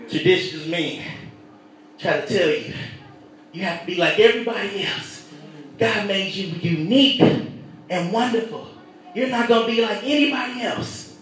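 A man preaching a sermon, animated, shouting at the peaks and acting out voices in his stories. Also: very high voice, moderate pace, pauses often. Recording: echoey hall, voice from far off.

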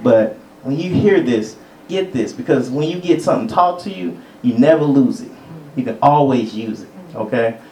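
A man's voice: medium pitch, animated, moderate pace, few pauses, mellow, echoey room, far from the mic, slight background noise, low-quality recording. A male preacher giving a conversational teaching sermon. He chuckles between points and calls out for amens. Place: church sanctuary.

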